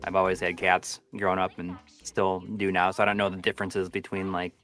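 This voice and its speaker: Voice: low-pitched, flat delivery, a little fast, fairly bright tone, soft background music. A co-host of a live stream chatting casually, hesitant and full of fillers, also reading out donations.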